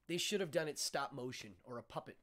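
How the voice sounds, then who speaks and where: A man hosts a relaxed chat over a video call, full of excitement as he tells stories. His pitch rises and falls freely from line to line, sitting at an ordinary middle height. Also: fast talker. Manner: animated, excitable storyteller. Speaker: host. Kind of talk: casual interview chat.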